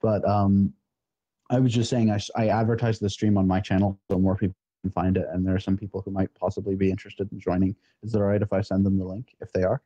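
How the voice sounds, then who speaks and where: Mellow, low-voiced man on a call. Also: level tone, fast talker, dry recording. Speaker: guest. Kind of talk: casual livestream chat. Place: online voice call. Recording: dull lo-fi call audio.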